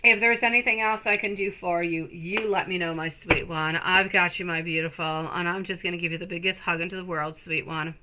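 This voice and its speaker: A woman's voice: lowish voice, steady tone, brisk, few pauses, sharp tone, a little hiss or hum, low-quality recording. A woman giving a live-streamed tarot reading, talking in an affectionate, soothing way and calling her viewers pet names. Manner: soothing, reassuring. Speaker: tarot reader.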